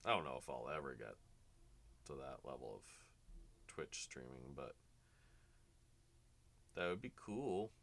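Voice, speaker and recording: A man with a very deep voice talks casually as he paints miniatures for a stream. His tone is bright and forceful despite the low pitch. He rambles and chats with viewers between steps. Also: big pitch swings, unhurried, creaky, pauses often. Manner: chatty, rambling, talks to chat while working. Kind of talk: casual narrated painting session.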